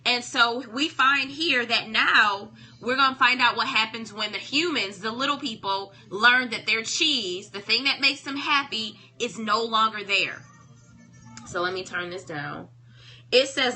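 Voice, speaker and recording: Bright-voiced woman hosting a live book talk. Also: fairly high pitch, a little slow. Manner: conversational, preacherly, checks in with "right?". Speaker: live-stream host reading a self-help book. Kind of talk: live-stream book discussion.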